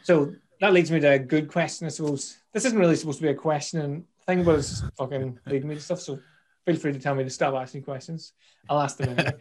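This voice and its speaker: A man's voice: fairly high pitch, fast talker, a little mellow. A man hosting a casual interview podcast, joking, swearing freely and wandering off into asides. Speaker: podcast host.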